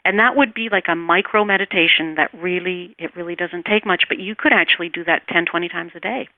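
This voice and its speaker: A woman teaching meditation in an interview, speaking calmly and soothingly, and her voice trails off softly as she guides the breathing. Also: lowish voice, a little fast, no room sound. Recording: tinny phone line, dry.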